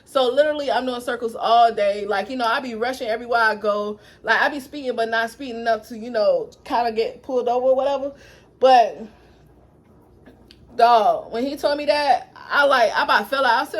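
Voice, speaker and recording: A young adult woman telling a dramatic personal story to her viewers in a lively, animated way. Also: on the high side, a little fast. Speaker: vlogger. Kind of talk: storytime vlog.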